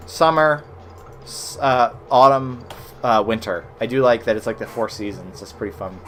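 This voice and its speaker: An American man casually commenting while playing old browser games for his stream chat, swearing and reacting loudly as he plays. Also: mid-range voice, slight background noise. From United States.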